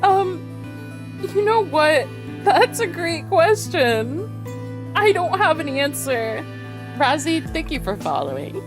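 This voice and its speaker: A woman's voice: sits high, very animated, slow pace. A woman co-streaming a game, giggling and reading viewer chat aloud. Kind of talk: live-stream gameplay chat. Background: game music.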